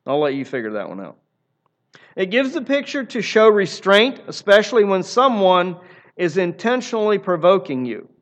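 A man's voice: high voice, highs cut off. A man preaching a sermon in an earnest, emphatic way, often repeating phrases for emphasis. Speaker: pastor.

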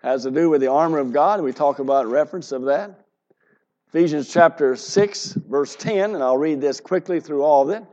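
A man's voice: fairly high pitch, brisk, darkish tone, muffled recording. A man preaching a sermon, reading scripture aloud with rising emphasis. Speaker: pastor.

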